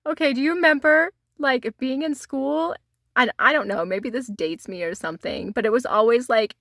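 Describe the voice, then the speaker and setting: Giggly chatty woman, bright voice. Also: medium pitch, no echo, clean studio sound. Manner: giggly, laughs often while talking; chatty, many "like" fillers. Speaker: tarot vlogger. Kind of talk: casual show-and-tell chat.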